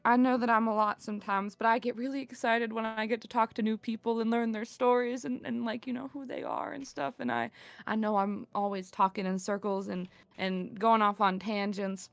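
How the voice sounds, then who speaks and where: A woman's voice: on the high side, gravelly, dry recording. Woman doing a chatty rambling circus leader, keeps saying sorry, bit of a southern twang, dry mic. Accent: slips into a southern twang. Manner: rambling, apologetic, excitable. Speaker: player. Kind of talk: in-character tabletop role-play.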